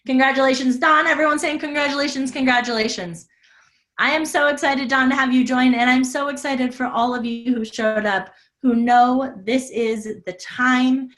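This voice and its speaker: A woman's voice: high-pitched, fairly even intonation, moderate pace, fairly bright tone. Effusive woman hosting a live webinar. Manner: upbeat and effusive, reads out viewer comments. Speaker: health coach hosting a live masterclass. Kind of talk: live webinar sales talk and Q&A. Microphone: video call.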